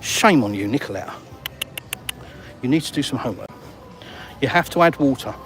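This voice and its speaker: A man's voice: medium pitch, lively intonation, a little fast, a bit bright, faint music behind. An Englishman walking outdoors and vlogging, chatting in a cheeky, bantering, slangy way to viewers while filming on his phone. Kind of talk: casual walk-and-talk vlog. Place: outdoors on an urban seafront street.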